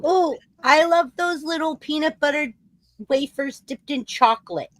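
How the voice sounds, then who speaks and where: A woman with a slightly high voice hosts a casual group video chat. She talks playfully, teasing the others in a sing-song way. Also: measured pace.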